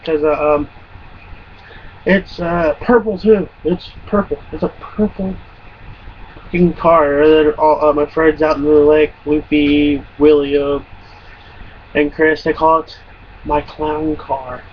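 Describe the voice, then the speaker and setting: A man's voice: fairly high pitch, flat delivery, slow pace, pauses often. A man around twenty telling stories in a casual, rambling and profane way, often laughing. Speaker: vlogger. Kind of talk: casual storytelling. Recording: muffled lo-fi recording with faint hum.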